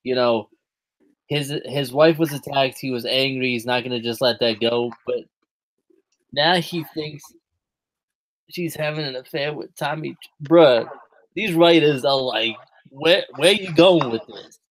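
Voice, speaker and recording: A man's voice: mid-range voice, measured pace, long pauses, low-quality recording. A man co-hosting a wrestling podcast, chatting casually and acting out quotes, exclaiming "bruh". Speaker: podcast co-host. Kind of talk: casual chat.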